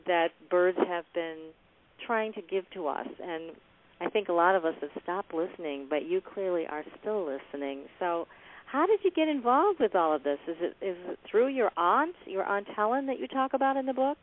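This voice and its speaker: A woman's voice: fairly low pitch, animated, moderate pace, a little hiss or hum. Woman radio host on a tinny line. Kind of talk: radio interview.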